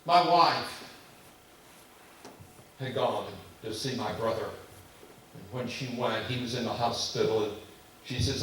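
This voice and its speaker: Impassioned preacher in an echoey church. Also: male voice, mid-range voice, moderate pace, long pauses. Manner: impassioned, swinging from loud emphasis to hushed telling. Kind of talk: sermon with personal storytelling. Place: church sanctuary. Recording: very echoey church hall from far off, faint hiss.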